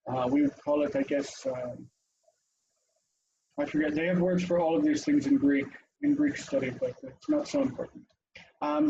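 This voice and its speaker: A man's voice: high-pitched, vocal fry, mellow, muffled recording, a little hiss or hum. A man teaching an online language lesson over a video call, chatty and explanatory, with frequent ums and asides.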